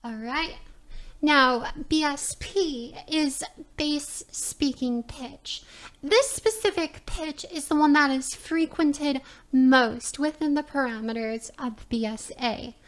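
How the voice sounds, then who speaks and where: Woman voice coach, high pitch, slow deliberate lecture delivery, explanatory. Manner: methodical, explanatory, checks in with "all right" and "right?". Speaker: voice teacher. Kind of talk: recorded lecture presentation.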